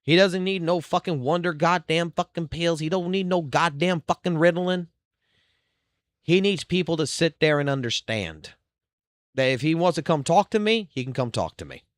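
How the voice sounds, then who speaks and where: A man's voice: fairly high pitch, animated, normal speed, dry recording, clean studio sound. A man streaming live, ranting with constant swearing in a heated, blunt way. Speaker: livestreamer.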